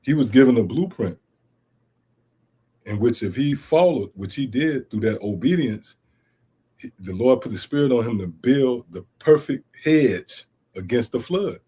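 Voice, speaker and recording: With a husky, dark, mid-range voice, lively intonation and a moderate pace, this middle-aged man teaches the Bible in an online stream. He reads passages out, then drives his points home with rhetorical questions, dropping street-style fillers such as "man" and "see?"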